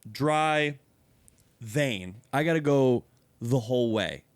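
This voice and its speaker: A man's voice: mid-range voice, expressive, slow, smooth, dry recording. A man hosting a podcast in casual chat, blunt and rambling, swearing freely. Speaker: podcast host.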